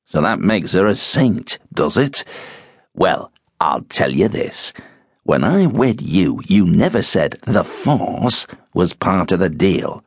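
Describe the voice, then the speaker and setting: A man voicing a bad-tempered middle-aged husband who mutters gruffly, in an audiobook. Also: low-pitched, sing-song, takes it slowly, no room sound, clean studio sound, full character voice. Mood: irritated.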